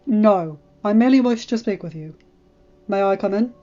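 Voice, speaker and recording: A woman voicing a stern, grave lord and father who speaks in a measured, firm way. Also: medium pitch, mellow, lo-fi sound, natural voice.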